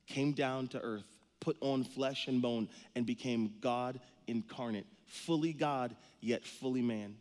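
A man in his thirties, a pastor giving an energetic, joking sermon with many stories. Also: medium pitch, long reverb tail.

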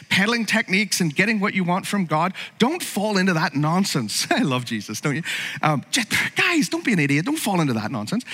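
A man's voice: high-pitched, bright, forceful tone, long reverb tail. A man preaching a sermon as pastor, conversational and humorous, with frequent asides to the congregation.

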